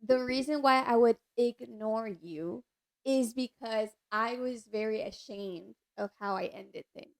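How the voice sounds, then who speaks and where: A woman's voice: a little high, a little slow. A young woman co-hosting a podcast, speaking in a chatty, casual way with many filler words. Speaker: podcast co-host. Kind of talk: casual chat.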